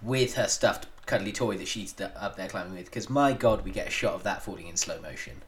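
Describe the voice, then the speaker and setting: A man's voice: low-pitched, brisk. A man co-hosting a casual film podcast, retelling scenes with mocking asides. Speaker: podcast co-host. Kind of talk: casual film review chat.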